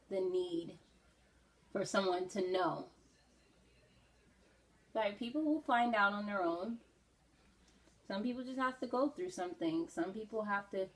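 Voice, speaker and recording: A woman's voice: mid-range voice, rough recording. A woman beauty vlogger talking casually while doing her makeup, earnest and reflective, with many "you know"s.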